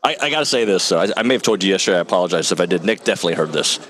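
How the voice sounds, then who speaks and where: A man's voice: low-pitched, rapid-fire. A man hosting a sports talk show, chatting casually and animatedly with co-hosts, often laughing. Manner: animated, laughing, exaggerated complaints. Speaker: sports radio host.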